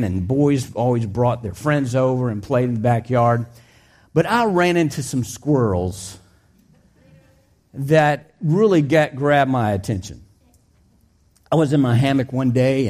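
A man preaching with a fairly high voice. He tells his story in a loose, conversational way, with restarts, and his voice climbs when things get exciting. Plain, animated sermon delivery. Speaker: pastor.

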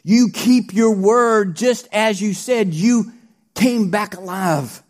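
A man preaching a sermon, animated, swinging between shouted praise and quiet asides. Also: high voice, slow.

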